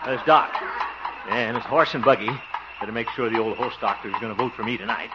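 A man's voice: mid-range voice, fast talker, close to an everyday voice. An actor playing a boastful, easily flustered small-town man who sputters and grumbles asides, in a 1940s radio sitcom. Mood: exasperated. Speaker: lead of the show. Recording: dull old radio recording, loud hiss.

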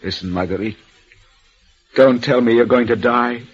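An actor playing an anguished, devoted young lover, speaking in an earnest, pleading way in a 1940s radio play. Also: male voice, medium pitch, moderate pace, slightly rough, close to an everyday voice. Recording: muffled old radio broadcast.

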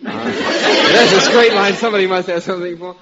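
A man on a radio comedy panel, telling jokes in a halting, stammering way. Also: high-pitched, fairly even intonation, gravelly, a loud crowd, very noisy. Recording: muffled old radio broadcast with studio audience.

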